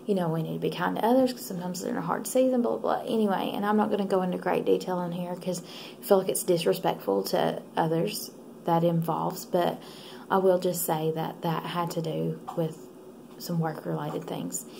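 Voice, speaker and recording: A woman, vlogging casually at home late at night and talking softly in a half-whisper with rambling asides. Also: lowish voice, steady tone, brisk, gravelly, slight background noise.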